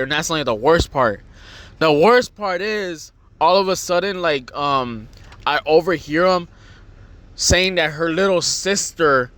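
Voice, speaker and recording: A man's voice: on the high side, bright, forceful tone. Young man rambling through a story. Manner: rambling, swearing, acts out voices. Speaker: podcast host. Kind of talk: casual storytelling.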